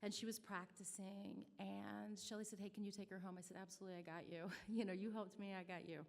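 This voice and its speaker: A middle-aged woman with a Midwestern American accent speaks at a charity brunch. She tells a story in a chatty, self-deprecating way, her pitch in a middle range. Her voice rings out with a long reverb through a banquet hall. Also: level tone, fast talker, creaky. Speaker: nonprofit staff speaker.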